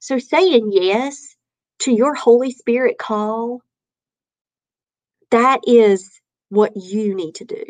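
A woman, an author and podcaster, chatting casually with lively, faith-filled encouragement and acting out her own past reactions. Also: a little high, takes it slowly, pauses often, no room sound. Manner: animated, acts out her own past quotes. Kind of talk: casual chat.

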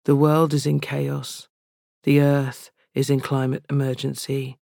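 Male poet, confessional spoken word, slow and level, dry close sound. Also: medium pitch, vocal fry, no echo. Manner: slow, even, intimate delivery.

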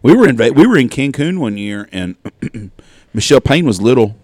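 A man's voice: medium pitch, very animated, moderate pace, a little mellow, dry recording. A man co-hosting a hunting podcast, telling blunt, profane stories in casual chat. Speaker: podcast co-host.

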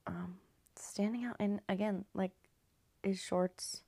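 A casual woman from California rambles through a story recap, dropping in swear words and sliding down into near-whispers. Her voice carries a gravelly fry, and the recording is close and dry, with no room sound. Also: medium pitch, fairly even intonation, slow pace, dark tone, no room sound. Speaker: video host recapping a story.

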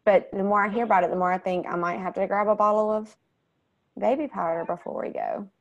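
A woman's voice: medium pitch, quick pace, vocal fry, lo-fi sound. A woman, chatting casually and telling funny family stories. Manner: chatty storyteller, animated when quoting. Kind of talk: casual chat.

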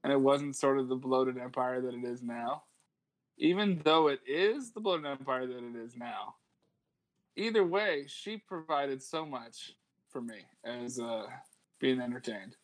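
A man's voice: medium pitch, unhurried. A man co-hosting a podcast, chatting casually and enthusiastically, with plenty of fillers and swearing. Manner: rambling, enthusiastic, swears often, many fillers. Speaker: podcast co-host. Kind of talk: casual chat.

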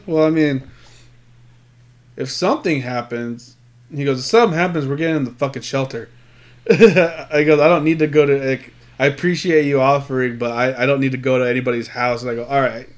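A man telling a rambling story in casual chat, swearing a lot and acting out what people said. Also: mid-range voice. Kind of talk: casual chat between friends.

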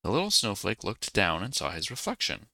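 A man reading a bedtime story aloud, calm and gently expressive. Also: on the low side, fairly quick, creaky, no echo.

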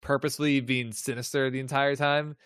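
A man chatting easily as a podcast co-host, offering relaxed opinions. His voice sits at a middle pitch. The recording is dry and close. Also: brisk, smooth, dry recording. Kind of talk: casual chat.

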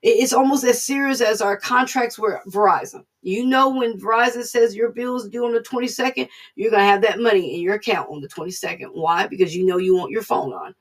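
A woman's voice: mid-range voice, fairly quick, few pauses, distant mic, poor audio. A woman giving an informal online devotional sermon, earnest and conversational, repeating her points as she preaches. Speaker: devotional speaker.

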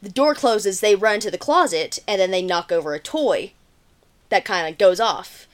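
A woman's voice: mid-range voice, animated, normal speed. Woman podcast cohost retelling a movie plot, chatty, says like a lot. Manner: chatty, lots of "like" fillers. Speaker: podcast co-host. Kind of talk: casual movie recap.

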